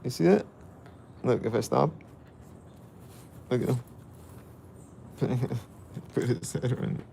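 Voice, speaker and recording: A man's voice: mid-range voice, takes it slowly, creaky, dark tone, a little hiss or hum. A man casually vlogging outdoors, playfully chatting with and about a dog. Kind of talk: casual vlog chat.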